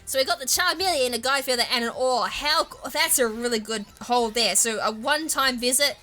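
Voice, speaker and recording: Casual Australian woman gamer, tangent-prone commentary, bright tone, light music bed. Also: high voice, a little fast. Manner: chatty, rambling, goes off on tangents. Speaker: gaming YouTuber. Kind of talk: casual let's-play commentary.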